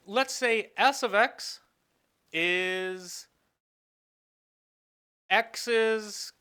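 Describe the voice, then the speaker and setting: Lively, bright-voiced professor thinking aloud. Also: medium pitch, measured pace, long pauses. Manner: thinks aloud, restating and correcting themself mid-sentence; asks the class questions and then answers them. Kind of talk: recorded lecture at a whiteboard.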